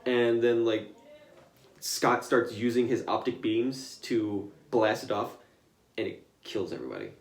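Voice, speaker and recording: A man's voice: fairly low pitch, expressive, unhurried. A young man casually retelling a comic story to a friend, rambling with lots of fillers and restarts, in an echoey room. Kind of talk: casual chat.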